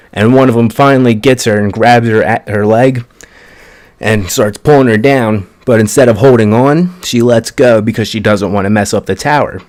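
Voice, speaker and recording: A man casually recapping an anime episode in an excited, chatty way, with plenty of swearing. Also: mid-range voice. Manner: excited, profane, chatty storytelling. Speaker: anime reviewer.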